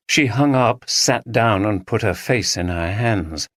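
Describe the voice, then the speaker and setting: A narrator reading a drama audiobook in an even, measured way, close to the mic. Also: mid-range voice, no echo.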